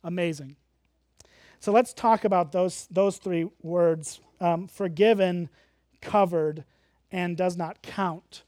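Pastor, earnest teaching sermon, slow deliberate delivery, dry close sound. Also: medium pitch, a little mellow, no echo. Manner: earnest, emphatic teaching, explaining word meanings.

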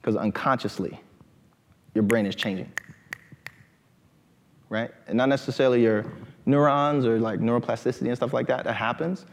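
A man giving an animated talk to a live audience in a lecture hall, often asking "right?". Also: medium pitch, normal speed, creaky, pauses often.

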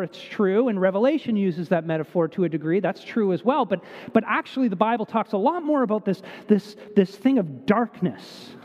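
A man's voice: high-pitched, warm tone. A man preaching a sermon, telling the story vividly and repeating words for emphasis. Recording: dull echoey hall recording.

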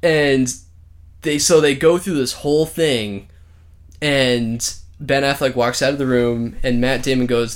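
A man's voice: medium pitch, fairly even intonation, measured pace. A man co-hosting a casual podcast, counting down favorite movie scenes in a rambling, profane way. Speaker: podcast co-host.

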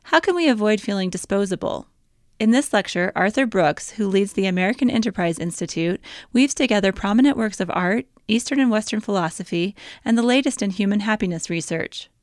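A woman's voice: medium pitch, expressive, brisk, no echo, clean studio sound. A woman reading a scripted introduction to a recorded lecture. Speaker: program announcer.

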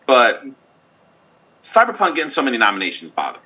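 A man co-hosting a gaming podcast, talking casually and ranting in animated asides. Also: medium pitch, a little fast, husky. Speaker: podcast co-host. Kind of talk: casual chat. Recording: dull lo-fi audio.

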